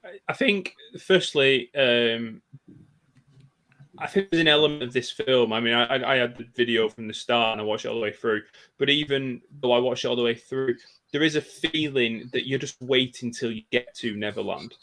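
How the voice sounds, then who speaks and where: A man's voice: mid-range voice, moderate pace, fairly bright tone. A man in his thirties, talking enthusiastically and nostalgically in a casual podcast discussion. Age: 30s. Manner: enthusiastic, nostalgic, with many restarts. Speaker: podcast guest.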